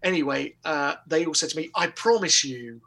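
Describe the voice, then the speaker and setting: A man telling a comic anecdote in a lively, casual way, with restarts and laughter. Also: on the high side, normal speed, gravelly. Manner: animated storytelling with laughter and restarts. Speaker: guest comedian. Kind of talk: casual anecdote on a talk show.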